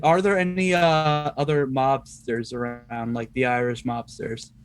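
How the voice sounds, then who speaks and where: A man's voice: medium pitch, flat delivery, unhurried, faint music behind. Casual male tabletop player. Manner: casual, laughing, thinking aloud. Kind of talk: playing a tabletop game.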